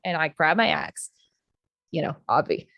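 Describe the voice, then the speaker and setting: A woman's voice: deep voice, very animated, normal speed, dry recording, dull audio. A young adult woman recapping a tabletop game session in a rambling, profane, casual storytelling way. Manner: rambling, profane, acts out quotes. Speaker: player recapping the last session.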